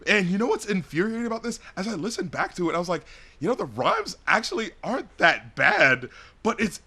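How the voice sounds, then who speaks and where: A man co-hosting an album-review podcast, talking in rambling, animated casual chat with frequent laughs. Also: high voice, a little fast, husky. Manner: animated, rambling, laughs often, acts out rap lines.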